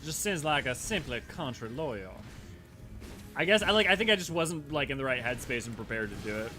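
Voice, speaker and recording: A man's voice: mid-range voice, lively intonation, fairly quick, music in the background. A man streaming a game, chatting casually and nerdily, often restarting and correcting himself as he rambles. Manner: rambling, self-correcting, nerdy. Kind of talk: casual livestream chat and game commentary.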